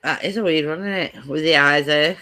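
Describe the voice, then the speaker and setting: A woman's voice: sits low, a little fast, bright, forceful tone. A woman co-hosting a casual live chat stream, playful and jokey, slipping into bits of songs. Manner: playful, jokey, breaks into song lines.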